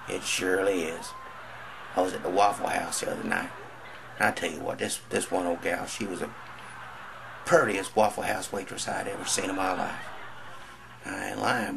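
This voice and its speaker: A man's voice: low-pitched, vocal fry, noisy background. A man telling a crude stand-up story in a drawling country manner, acting out other voices. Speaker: comedian.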